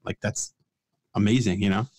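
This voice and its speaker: A man's voice: lowish voice, fairly even intonation, normal speed, darkish tone. A man appearing as a guest streamer on a podcast, chatting casually and enthusiastically, laughing through his stories. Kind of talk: casual chat.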